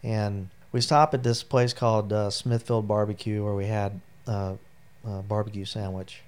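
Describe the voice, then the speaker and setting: A middle-aged military veteran, interviewed at length, tells personal stories warmly and loosely, with many fillers. His lowish voice is clear, resonant and a little mellow, with little pitch movement and a normal speed.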